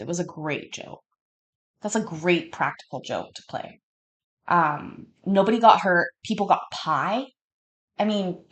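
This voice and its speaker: Woman streamer, stoned, lower-pitched; casual and profane, keeps getting sidetracked. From Canada. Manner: chatty, profane, easily sidetracked. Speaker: streamer reacting to a court show. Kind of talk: casual rambling storytelling.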